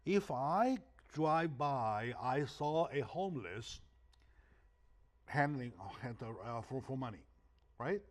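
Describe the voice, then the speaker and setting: A man's voice: mid-range voice, lively intonation, slow. A man whose first language is Chinese hosting a talk show, emphatic and fond of rhetorical questions with a tag "right?". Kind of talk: animated interview talk.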